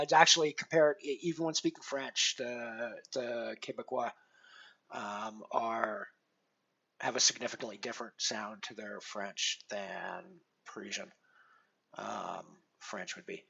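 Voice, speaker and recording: Bright-voiced rambling male streamer. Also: medium pitch, normal speed, gravelly, dull audio. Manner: rambling, many fillers and restarts; self-deprecating. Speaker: poker streamer. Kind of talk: casual live-stream chat.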